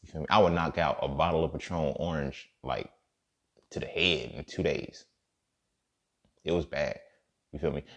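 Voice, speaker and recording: A man's voice: extremely low pitch, moderate pace, creaky, long pauses, a bit bright. A man hosting a podcast, telling a personal story in a loose, slangy, profane way and often checking in with "you feel me.". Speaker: podcast host. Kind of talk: casual storytelling monologue.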